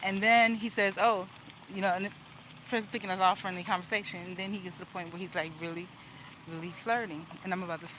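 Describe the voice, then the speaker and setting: A woman's voice: medium pitch, fairly even intonation, fast, noisy background. A woman venting angrily in a casual vlog monologue, rambling with restarts and laughs. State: angry. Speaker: vlogger.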